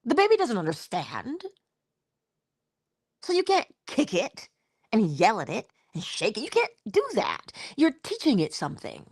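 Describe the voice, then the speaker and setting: A middle-aged woman giving an inspirational spiritual talk in a conversational, expressive way, slipping into little acted-out quotes. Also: on the high side, measured pace, slightly rough, dry recording, studio quality. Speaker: inspirational speaker.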